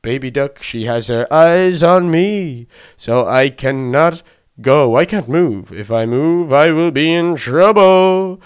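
A man voicing a male pirate captain who speaks low, hushed and urgent, as if being watched. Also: slow, smooth.

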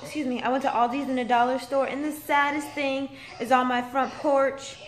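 Young woman, casual home vlogger, rambling and filler-heavy, slightly high voice, phone mic. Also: level tone, normal speed, soft background music. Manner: chatty, rambling with many fillers and restarts. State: six months pregnant. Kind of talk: casual vlog chat. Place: at home, in a house. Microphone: phone camera.

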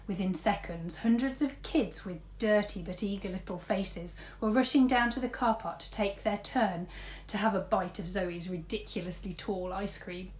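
A woman's voice: mid-range voice, moderate pace. Woman reading a story aloud, echoey. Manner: lively, voices the characters with big shouts and whispers.

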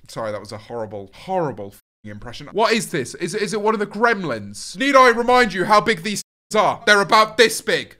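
A British man in his twenties with a fairly high voice and a sharp, bright tone. He streams casual reaction commentary, sweary and sarcastic, sounding exasperated with his chat. He speaks into a desk mic indoors. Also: very animated, a little fast. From United Kingdom. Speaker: streamer host.

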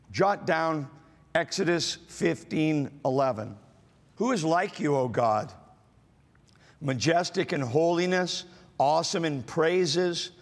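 Slow gravelly preacher in a big hall. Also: male voice, a little high. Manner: slow, halting delivery with many fillers, rising to emphatic repetitions. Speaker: pastor. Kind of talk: sermon. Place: church auditorium. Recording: large hall with long reverb.

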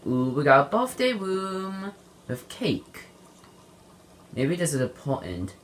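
A young woman giving playful let's play commentary on a game, shouting in bursts and slipping into silly voices. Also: low voice, very animated, takes it slowly, a little hiss or hum. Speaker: gamer playing a horror game.

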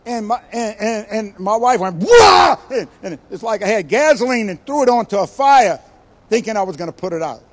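Older guy preaching, highish voice, gets loud then drops real quiet, acts out the voices. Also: fairly quick. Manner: animated storytelling, acts out quoted voices with sudden loud bursts and quiet asides. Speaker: guest preacher. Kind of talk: sermon.

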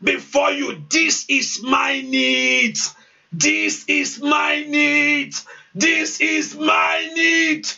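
Fervent high-voiced preacher, gravelly and distant. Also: male voice, fairly even intonation, very slow. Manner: fervent, repetitive, shouted pleas, speaking in tongues. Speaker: pastor. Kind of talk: fervent sermon prayer. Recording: distant, dull lo-fi sound.

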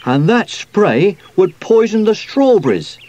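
A man's voice: big pitch swings, a little slow, lo-fi sound, slight background noise. A man doing an eager little magician bear. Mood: earnest. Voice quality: high and bright. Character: small excitable magician bear puppet, boy.

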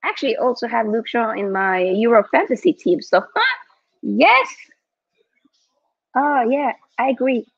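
A young woman hosting a live football watchalong from home, excitable and reading out viewer chat. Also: on the high side, a little fast, few pauses, no room sound. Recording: dull lo-fi dry mic.

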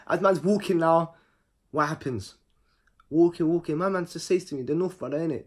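A man telling a personal story in a casual monologue. He talks in an animated way, full of slang, and repeats words for rhythm. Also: a little high, normal speed.

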